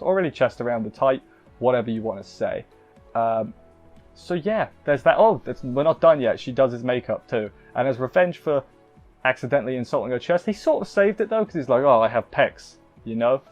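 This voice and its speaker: A man's voice: mid-range voice, a little mellow, muffled recording. A man casually recapping an anime episode as a reviewer, rambling with lots of fillers and self-corrections.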